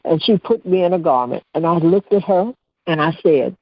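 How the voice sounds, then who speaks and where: A woman guest, telling a personal story on a radio talk show and acting out the dialogue with lively energy. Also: fairly low pitch, moderate pace, no echo. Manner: animated storyteller who acts out dialogue. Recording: dull, dry radio-show audio.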